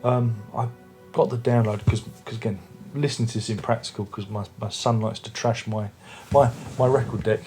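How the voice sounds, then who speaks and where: Faint music sits behind this man as he talks through an album review at home, surrounded by his record player and speakers. His medium-pitched, warm voice holds a steady tone, moving briskly with few pauses. As a music vlogger in casual-chat mode, he's rambling and chatty, starting over many times.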